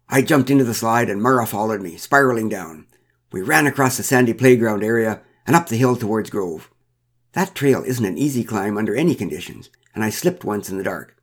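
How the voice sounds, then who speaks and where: A man reading a first-person story aloud with a wry, dryly humorous manner. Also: lowish voice. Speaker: narrator.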